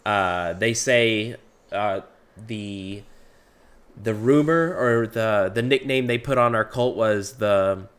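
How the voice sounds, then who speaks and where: A man's voice: lowish voice, slow pace, fairly bright tone, smooth. A man hosting a livestreamed tabletop game, talking in a playful, goofy way. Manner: playful, goofy, laughing a lot. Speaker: host. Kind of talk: casual chat hosting a livestream.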